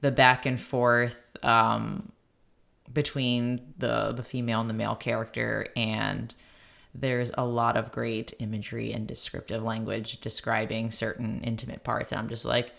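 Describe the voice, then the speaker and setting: A woman's voice: very deep voice, flat delivery, a little slow, gravelly, a bit bright. A woman co-hosting a podcast in casual chat, giggling often and talking with many fillers. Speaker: podcast co-host.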